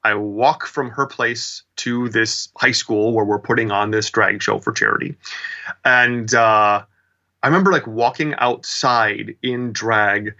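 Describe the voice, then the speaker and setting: With a bright, mid-range voice and lo-fi sound, a Midwestern man in his 40s rambles animatedly through a casual storytelling interview. He is a drag performer from the American Midwest with a Midwestern American accent, chatty and self-deprecating, with lots of fillers.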